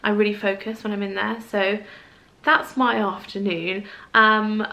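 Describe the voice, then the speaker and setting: A woman's voice: mid-range voice, flat delivery, a little slow, vocal fry, sharp tone, poor audio. A woman chatting casually in her vlog, rambling and poking fun at herself. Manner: chatty, rambling, self-deprecating. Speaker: vlogger.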